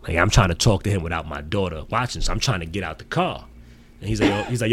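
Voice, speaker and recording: A middle-aged man from the Bronx with a very low voice tells a story at a quick clip. He is a podcast guest, profane and animated, rattling through the details. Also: slight background noise. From the Bronx, New York. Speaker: podcast guest, sneaker collector. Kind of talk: casual storytelling in an interview.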